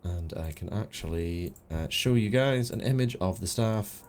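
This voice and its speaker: A British man running a tabletop game as game master, narrating in a relaxed, chatty way. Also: low voice, normal speed, slight background noise. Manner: relaxed, chatty, lots of fillers.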